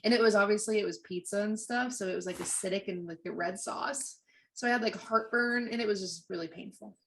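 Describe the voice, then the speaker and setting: A woman's voice: mid-range voice, a little fast, slight background noise. A young woman co-hosting a podcast, chatting casually with a breezy, laughing manner. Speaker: podcast co-host. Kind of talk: casual chat.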